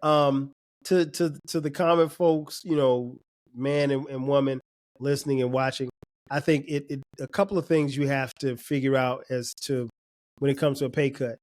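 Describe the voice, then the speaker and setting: A man's voice: mid-range voice, steady tone, normal speed, darkish tone. A man hosting a podcast, laid-back and affirming, often repeating his words as he talks. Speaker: podcast host. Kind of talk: casual podcast conversation.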